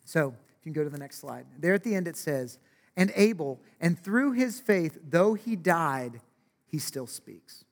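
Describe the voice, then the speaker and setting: A man's voice: on the high side, expressive, a little slow. A man preaching a sermon in a conversational way, often asking "right?" and acting out quotes. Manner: conversational, with frequent "right?" asides and acted-out quotes. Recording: long reverb of a large hall.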